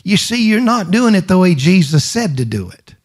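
The preacher, a middle-aged man, has a high-sitting, sing-song voice at normal speed. His emphatic sermon is full of rhetorical questions and repetition, and he calls on the congregation to answer back.

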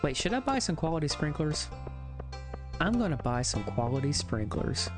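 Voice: mid-range voice, sing-song, moderate pace. A gaming streamer giving live-stream commentary, muttering to themselves, counting aloud and swearing when things go wrong. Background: game music.

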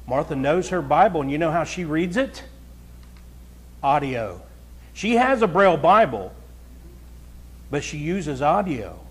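A man with a fairly high voice delivers a homespun sermon. He talks plainly and chattily with his congregation, then presses his points with rising force. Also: big pitch swings, measured pace, long pauses, slightly rough. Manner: folksy, chatty preaching that builds to emphatic, raised stretches. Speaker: pastor. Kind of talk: conversational sermon.

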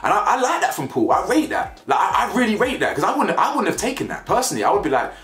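A young British man from the United Kingdom reviews a reality TV show with blunt, slang-heavy commentary, animated and laughing at his own jokes. He has a high voice, talks fast with a British accent and urban slang, and the recording has a roomy echo with faint music behind.

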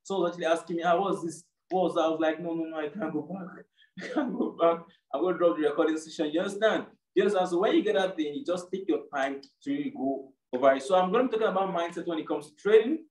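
A man's voice: fairly high pitch, racing, a little mellow, reverberant, far from the mic, low-quality recording. A man teaching an online trading boot camp in a casual lecture style, often checking in with "do you understand?". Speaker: trading course educator. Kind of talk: live online lesson.

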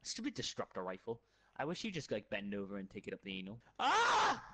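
A man's voice: on the low side, sing-song, fast. A young man chatting and joking with friends while playing an online shooter, laughing and swearing a lot. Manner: giggly, loud, swearing, jokey. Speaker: gamer. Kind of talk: casual gaming chat with friends.

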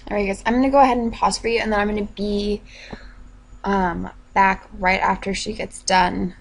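A woman's voice: medium pitch, flat delivery, moderate pace, vocal fry, breathy edge, low-quality recording. A woman hosting a let's play video, chatting casually to viewers and coaxing her game characters along. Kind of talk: casual gameplay commentary.

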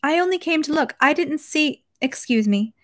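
A woman reading aloud the lines of a gentle, anxious young countess who speaks softly and apologetically. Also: high voice, animated, moderate pace, voice pushed up. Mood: apologetic. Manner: timid, soft and apologetic.

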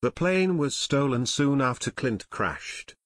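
A man's voice: medium pitch, animated, takes it slowly, a bit bright, no room sound. A man voicing a somber older airfield owner.

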